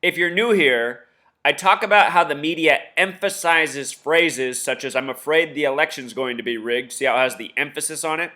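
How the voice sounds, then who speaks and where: A man's voice: fairly high pitch, bright, forceful tone. A man hosting his own channel, explaining a topic in an earnest, emphatic, casual way. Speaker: channel host. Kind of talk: casual explanatory vlog talk.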